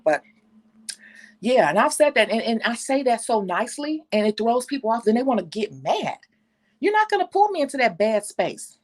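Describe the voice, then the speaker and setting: A woman nail technician talking casually and bluntly to her viewers, telling stories with slang and the odd curse. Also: a little high. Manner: candid, blunt, animated storytelling with slang and cursing. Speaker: nail technician and channel host. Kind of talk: casual talk to viewers, reading live comments.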